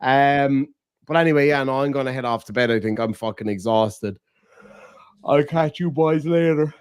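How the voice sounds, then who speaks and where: A man's voice: medium pitch, normal speed, darkish tone, clean tone, no echo, studio quality. Profane, laughing man streamer. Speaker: streamer host. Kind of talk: casual late-night stream chat.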